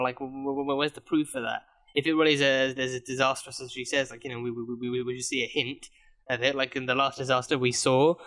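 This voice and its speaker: A man talks through a TV episode in a loose, unscripted review, circling back on himself and tripping over repeated words while he works out his thoughts. His voice has a bright, forward edge at a middle pitch. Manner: rambling, many restarts and stammered repeats. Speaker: TV reaction reviewer.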